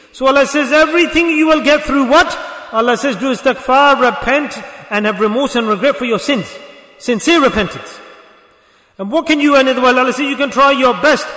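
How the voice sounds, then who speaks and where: Man preaching a sermon, really high bright voice, big echo. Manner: exhorting, rhetorical questions to the congregation. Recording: echoey hall.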